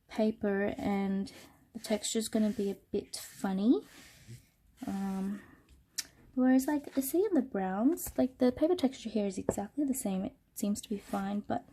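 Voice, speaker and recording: A woman with a cold and a nasal voice, casually reviewing an art product in an unscripted smartphone video and thinking aloud with many pauses as she works. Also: a little high, husky. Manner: relaxed, thinking aloud with many ums while working. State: sick with a cold. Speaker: art channel host.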